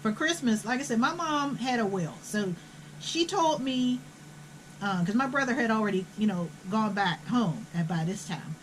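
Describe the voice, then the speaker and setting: A woman's voice: on the high side, animated, moderate pace, a little hiss or hum, low-quality recording. Blunt older woman. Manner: blunt, profane, indignant. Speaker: host. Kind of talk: casual storytelling.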